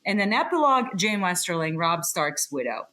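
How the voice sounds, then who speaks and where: A woman's voice: fairly low pitch, very animated, moderate pace, bright, forceful tone. A woman co-hosting a podcast in casual chat, confidently explaining her theories and swearing casually. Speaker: podcast co-host.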